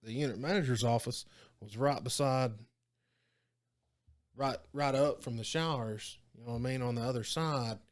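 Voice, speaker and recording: A man's voice: medium pitch, moderate pace. Profane man telling stories. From Oklahoma. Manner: profane, animated storytelling with quoted dialogue. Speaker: guest, former prison guard. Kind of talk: casual storytelling interview.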